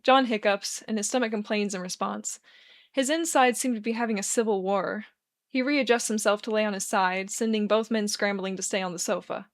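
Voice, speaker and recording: Woman reading fanfic out loud, steady even narration, mid-pitched voice. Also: fairly quick. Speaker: fan fiction reader. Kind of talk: reading a story aloud.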